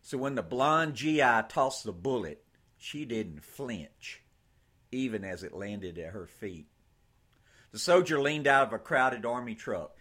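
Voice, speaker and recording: A man narrates a novel in an unhurried, measured way. His voice is husky and on the low side, and he lets the pitch swing widely across sentences. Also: lively intonation, a bit bright. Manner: slow, measured storytelling. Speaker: audiobook narrator. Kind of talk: scripted narration.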